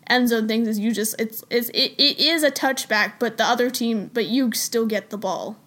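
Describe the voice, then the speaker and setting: A young woman co-hosting a podcast who explains football rules in a halting, rambling way with many restarts. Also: fairly high pitch, a bit bright. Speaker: podcast co-host. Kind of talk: casual podcast chat.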